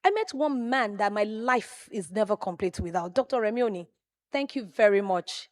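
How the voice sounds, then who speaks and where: A woman's voice: mid-range voice, expressive, normal speed, no room sound. A woman with a Nigerian accent giving a personal tribute speech, telling stories with exclamations and asides to the audience. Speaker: tribute speaker at a memorial event.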